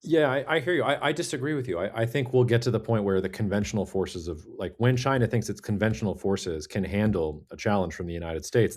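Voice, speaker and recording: A man's voice: lowish voice, darkish tone. A man hosting a casual political talk, firm and direct, often repeating his first word as he starts. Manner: fast, direct, stammers on starts. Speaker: podcast host. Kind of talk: casual geopolitical discussion.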